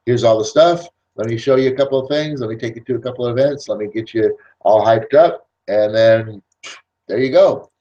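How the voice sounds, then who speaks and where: A man mimicking a pushy, hyped-up male recruiter with rapid, breezy, dismissive sales patter. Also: medium pitch, warm tone, dull audio, close to an everyday voice.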